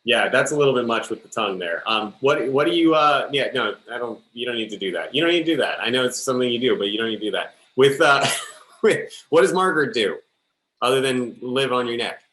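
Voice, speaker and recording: Hosting the live improv sketch, this man plays a rambling, fussy space-station interviewer whose mood is awkward, peppering his lines with "okay?" and "all right?". His voice is medium-pitched, lively, a little fast and slightly bright, close to how he'd normally talk, in a roomy-sounding space.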